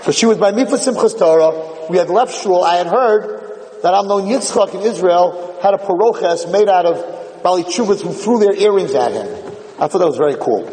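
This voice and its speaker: An American man, a rabbi, giving an animated storytelling sermon and acting out the voices in his tales. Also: sits high, moderate pace. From United States. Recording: echoey hall.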